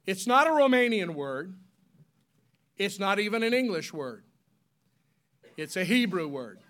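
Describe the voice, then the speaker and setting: A man with a high voice preaches a sermon to his congregation. He spells out key words slowly and has the people repeat them back to him. His delivery climbs to loud, emphatic peaks and then sinks to hushed, solemn tones. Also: very animated.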